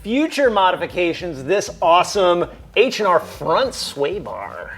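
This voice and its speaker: A man's voice: high-pitched, very animated, unhurried, vocal fry, a bit bright, husky. A man hosting a car project video, joking and explaining as he works in a garage. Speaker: host, mechanic. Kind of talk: casual garage chat.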